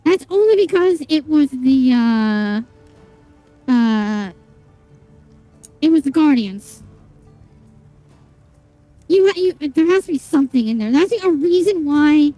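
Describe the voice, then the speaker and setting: High, animated rambling woman streamer. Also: no room sound, poor audio. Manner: rambling, swears a lot, many fillers and restarts, chats to viewers. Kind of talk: casual live-stream chat while gaming.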